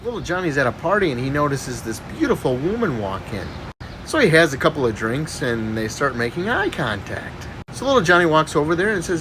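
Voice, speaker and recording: A man casually telling jokes, animated and acting out the characters. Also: a little high, a little fast, noisy background. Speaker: joke teller.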